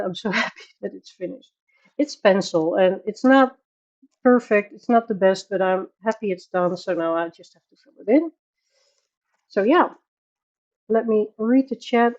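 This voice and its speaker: Dutch-accented woman, relaxed unhurried livestream host, chatty with frequent laughs, dull lo-fi sound. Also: mid-range voice. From Netherlands. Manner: chatty, laughs often, greets viewers by name. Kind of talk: casual livestream chat. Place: home bedroom.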